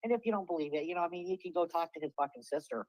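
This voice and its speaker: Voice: mid-range voice, rapid-fire, no echo, lo-fi sound. A guest in a casual livestream chat, ranting sarcastically with heavy swearing.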